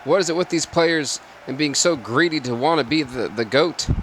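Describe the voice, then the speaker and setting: A gaming channel host gives solo, casual play-by-play of a football video game, getting excitable at big plays and dropping into mumbled side remarks. His voice is on the high side, his pace moderate, with a little hiss or hum in the audio.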